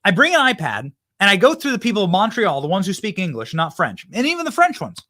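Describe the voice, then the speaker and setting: A man's voice: high-pitched, wildly swooping pitch, quick pace, few pauses, pushed and bright, no echo, clean studio sound. A man hosting a political commentary show, talking to viewers in an emphatic, fired-up monologue that often repeats itself. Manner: emphatic, repeats himself, addresses viewers directly.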